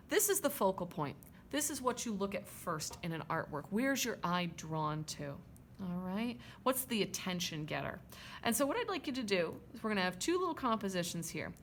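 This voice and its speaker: Chatting through a drawing demo, a female art teacher keeps checking in with her students, tossing in "okay?" and "right?" as she works. Her voice is medium in pitch and a bit bright, with slight background noise.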